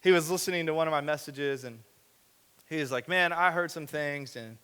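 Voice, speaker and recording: A young male preacher with a bright, forceful, slightly high voice, talking to his congregation in a loose, conversational way. He keeps asking rhetorical questions and acts out little bits of everyday speech. A long reverb from the large hall trails after every phrase. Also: normal speed, clear, resonant tone. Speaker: young adult ministry director. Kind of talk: sermon to a young adult group. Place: church hall.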